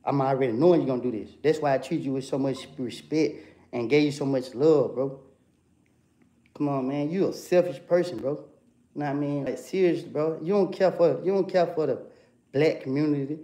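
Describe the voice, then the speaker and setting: A young man ranting heatedly into a livestream, calling someone out and circling back to "bro" and "come on, man" again and again. His voice sits a little high for a man, with a warm, dark-toned mellowness under the confrontation. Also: moderate pace. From Atlanta, USA.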